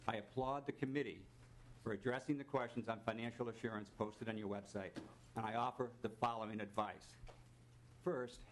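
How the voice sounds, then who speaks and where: Older man, retired finance exec, testifying before lawmakers, formal and pointed, faint noise behind. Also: mid-range voice. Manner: formal, pointed, with dry mock-salesman asides. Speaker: witness testifying at a legislative hearing. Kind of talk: prepared testimony read aloud. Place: legislative committee hearing room.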